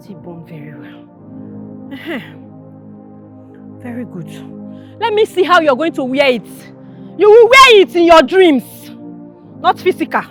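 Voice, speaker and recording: An actress with a Nigerian accent playing a wicked, scheming aunt who scolds and mocks, slipping into Igbo. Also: female voice, sits high. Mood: spiteful. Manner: scolding, mocking, switching into Igbo. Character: wicked scheming aunt, middle-aged woman.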